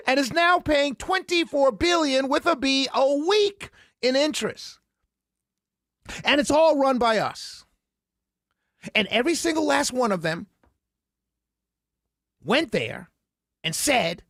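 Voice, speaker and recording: Passionate, high-pitched male radio host. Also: lively intonation, slow pace, pauses often, dry recording, clean studio sound. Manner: passionate, yelling, sarcastic. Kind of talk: political talk radio rant. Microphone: close studio mic.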